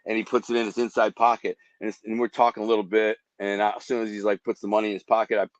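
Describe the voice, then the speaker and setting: Animated man telling dramatic stories. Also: on the low side, rapid-fire, no echo, highs cut off. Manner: vivid, acts out gunshots with sound effects. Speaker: guest telling life stories. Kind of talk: animated storytelling.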